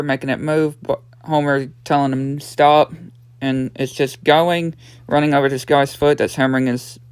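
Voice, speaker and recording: A nineteen-year-old man reviewing episodes casually recaps a cartoon in a fairly high, smooth voice with no echo. He rambles along, leaning on "yeah" and "and" as fillers.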